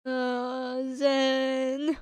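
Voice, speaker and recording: A woman's voice: high voice, smooth, dry recording. A woman streamer chatting on a livestream, choked up and tearful, giggling between her phrases. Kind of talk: casual livestream chat.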